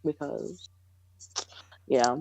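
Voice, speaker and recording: A woman's voice: drawn-out words, dark tone, a little hiss or hum, low-quality recording. A young woman co-hosting a podcast in casual chat, rambling and hesitant with lots of fillers. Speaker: podcast co-host.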